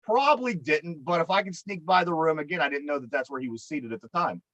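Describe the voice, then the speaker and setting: Brief: Pittsburgh guy, fairly high voice, swearing and exasperated, on a dry, dull lo-fi mic. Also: quick pace, fairly bright tone, no room sound. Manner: profane, exasperated, rambling with restarts. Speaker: podcast co-host. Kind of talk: casual storytelling.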